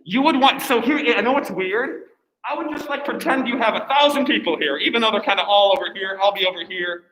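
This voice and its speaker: A man's voice: high voice, fairly quick, a bit bright, echoey room, rough recording. A man teaching a class, giving chatty, encouraging instructions with lots of fillers.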